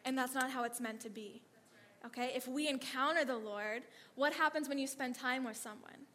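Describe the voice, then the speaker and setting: Woman, mid-high voice, lively testimony storyteller, echo of a big hall. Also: moderate pace. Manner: animated, acts out quotes, frequent "like" and "okay". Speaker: speaker sharing a faith testimony.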